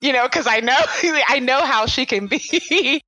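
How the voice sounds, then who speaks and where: Bright chatty mother telling family stories. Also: sits high, unhurried, no room sound, low-quality recording. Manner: chatty storyteller, acts out quoted voices with laughs. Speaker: podcast guest, mother of three. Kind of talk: casual interview chat.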